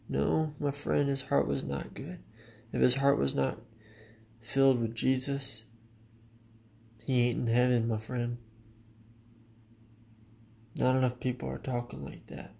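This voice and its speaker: A man's voice: medium pitch, flat delivery, slow, creaky, long pauses, dark tone. A man preaching a sermon in an earnest, direct way, often addressing listeners as his friend.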